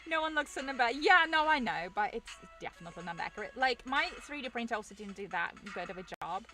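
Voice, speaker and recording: A woman's voice: fairly high pitch, animated, fast talker, music in the background. A young woman streamer chatting casually with her viewers, rambling, self-deprecating and laughing often.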